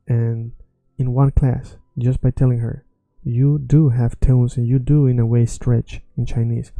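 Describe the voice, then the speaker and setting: A man's voice: medium pitch, vocal fry, no echo. A man who is not a native English speaker, confidently explaining a language lesson online. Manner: confident, self-assured, animated explanations. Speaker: language teacher.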